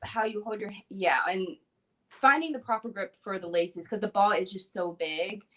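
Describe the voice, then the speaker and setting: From a room at home, a young woman who used to pitch softball joins a video-call interview as a guest, chatting casually at normal speed with frequent fillers and light laughs.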